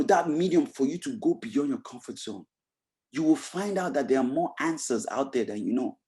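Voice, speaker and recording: A motivational speaker addresses a webinar audience over a video call in a mellow, warm tone. The delivery is emphatic and repetitive, full of rhetorical questions and restarts padded with "you know.". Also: medium pitch.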